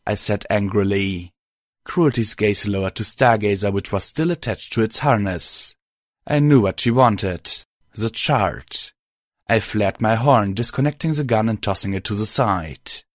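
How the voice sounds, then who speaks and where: A man reads a first-person story aloud in a steady, matter-of-fact narrating voice. His pitch sits on the lower side, and the recording is close and dry with no room sound. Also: no echo.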